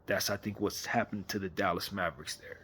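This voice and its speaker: A man's voice: low voice, fairly even intonation, brisk, bright, forceful tone, a little hiss or hum. A man hosting a casual late-night fan chat on camera, talking animatedly and rhetorically, often repeating himself. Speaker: fan commentary host.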